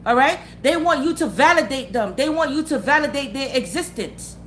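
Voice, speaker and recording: A woman's voice: high-pitched, expressive, normal speed, a bit bright, a little hiss or hum. Blunt, profane woman ranting with emphasis. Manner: blunt, profane, emphatic, repeats her points; asks the listener for agreement again and again. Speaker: motivational vlogger. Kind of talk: unscripted motivational rant.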